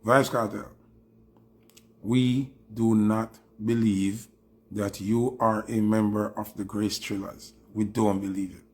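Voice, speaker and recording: A man's voice: lowish voice, little pitch movement, slow pace, husky. A man with a Jamaican accent giving a heated, taunting commentary monologue, mixing patois with English. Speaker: dancehall commentator.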